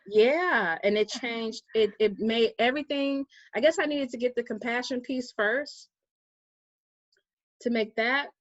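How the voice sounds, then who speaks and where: A woman guest telling a personal story in a casual interview, animated and acting out the people she quotes. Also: fairly high pitch, unhurried, no room sound, muffled recording. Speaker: guest, vegan activist.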